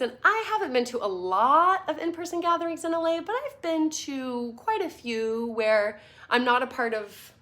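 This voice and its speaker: A woman's voice: fairly high pitch, fairly bright tone. A woman giving a casual online class over slides, chatty and playful, with fillers and little laughs. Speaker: course teacher.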